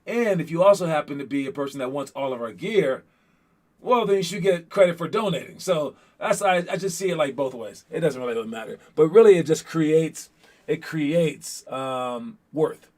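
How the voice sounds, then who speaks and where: A man coaching young basketball players in a casual pep talk, energetic and rambling, often checking in with "all right?". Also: fairly high pitch, moderate pace. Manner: rambling, repeats words while thinking.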